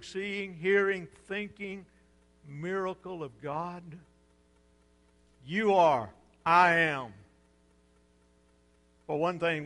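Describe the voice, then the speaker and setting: High-voiced preacher in a reverberant hall. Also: male voice. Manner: preaching with dramatic swells and hushed drops. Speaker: pastor. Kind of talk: sermon.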